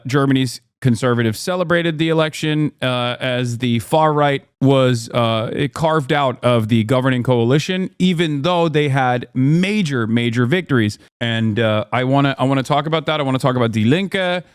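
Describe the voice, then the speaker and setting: A man's voice: mid-range voice, normal speed, few pauses, smooth, dry recording, studio quality. A man hosting a livestream, talking casually with many fillers and restarts as he interviews a guest over a call. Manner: talkative, frequent fillers and restarts. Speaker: streamer host.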